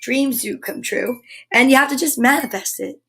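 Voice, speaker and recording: A woman with a fairly high voice chats casually to her viewers. She gushes with affection and takes her time. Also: vocal fry, a bit bright, slightly rough, rough recording. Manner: gushing and affectionate, unhurried. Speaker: comedian and vlog host.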